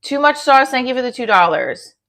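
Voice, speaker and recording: A woman's voice: high voice, very animated, a little fast, a bit bright. Chatty New Jersey woman in her forties. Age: 40s. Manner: chatty, reads and answers comments aloud. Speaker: comedian livestreaming. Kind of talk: casual livestream chat. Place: home kitchen.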